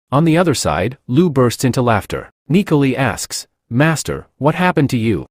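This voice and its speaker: A man's voice: mid-range voice, big pitch swings, moderate pace, hardly any pauses, dry recording, studio quality. A man narrating a comic recap, reading every character's lines in his own voice.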